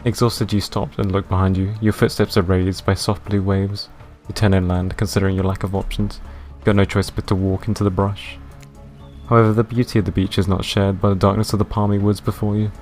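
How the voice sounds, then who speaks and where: A man with a very low voice reads game narration aloud in a dry, deadpan manner while chatting to his live viewers. Soft music plays faintly in the background. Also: brisk. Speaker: streamer.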